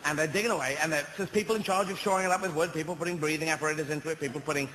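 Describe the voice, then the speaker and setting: A man's voice: on the high side, steady tone, very fast. A British man doing a stand-up comedy routine on stage, rambling and digressive, correcting himself mid-sentence and swearing often, with a live audience laughing. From Britain. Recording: echoey live venue with crowd and noise.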